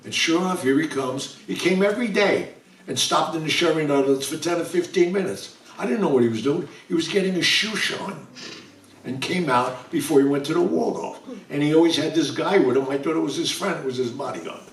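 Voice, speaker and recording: A man's voice: on the high side, brisk. An older man, a chatty storyteller acting out the dialogue for a live audience at a bookstore event. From New York. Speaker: author guest speaker. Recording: roomy sound from a distant mic.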